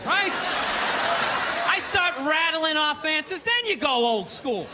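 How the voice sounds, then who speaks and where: A male stand-up comedian performing a sarcastic, ranting set on a theater stage, often breaking into shouts. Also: extremely high pitch, lively intonation, normal speed, over a noisy crowd. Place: theater stage before a live audience. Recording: live theater recording with audience laughter and noise.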